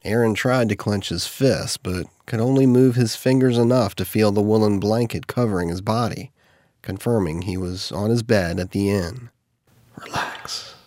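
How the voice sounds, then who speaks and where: A man reading an audiobook in steady, measured scripted narration. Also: lowish voice, dry recording, studio quality.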